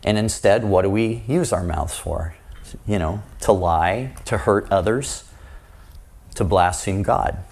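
Guy giving a sermon, kinda low voice, chatty, keeps asking "right?". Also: slow, gravelly. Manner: conversational, asks the congregation rhetorical questions; acts out quoted voices with shifts in pitch and loudness. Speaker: preacher.

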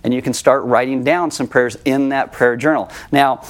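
A man's voice: medium pitch, steady tone. Conversational male pastor preaching. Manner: conversational, self-deprecating, slows for emphasis. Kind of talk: sermon.

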